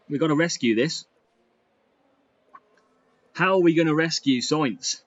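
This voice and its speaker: Excitable man commentating gameplay. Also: on the high side, measured pace, long pauses, no echo, dull audio. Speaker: gaming YouTuber.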